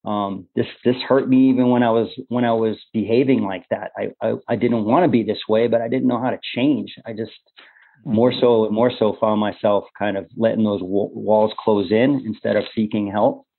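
A man's earnest, slightly low voice comes through a narrow, phone-like line. He tells his own story in conversation, pausing and restarting often. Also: fairly even intonation. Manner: earnest, halting with many fillers and restarts. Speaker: podcast guest.

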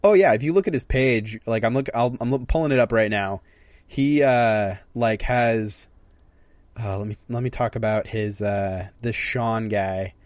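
A young male podcast co-host rambles through stories in casual chat, interrupting himself and often restarting sentences. His lowish voice is steady and measured in pace, with no echo.

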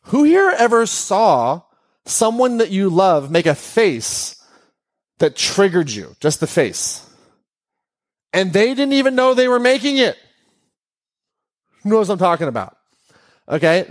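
A man hosting a podcast, speaking in an animated way to a live audience and putting questions to them. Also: high-pitched, a little slow, long pauses. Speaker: podcast host.

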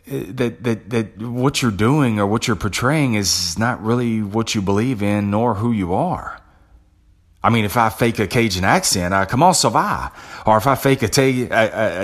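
Guy with a husky kinda low voice, blunt salty coach rambling on his podcast. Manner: blunt and salty, peppered with "man". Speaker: podcast host and sales coach. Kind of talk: casual motivational monologue.

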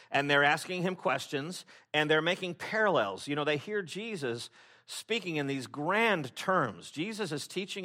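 Bright-voiced man preaching a casual sermon. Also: fairly high pitch. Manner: conversational, self-interrupting, wry. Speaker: pastor.

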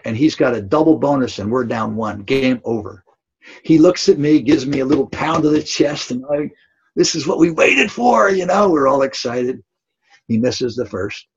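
A man's voice: medium pitch, moderate pace, darkish tone, slightly rough. An older man, a basketball coach, telling a story in an interview, earnest and emphatic, often asking "right?". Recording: dull lo-fi audio.

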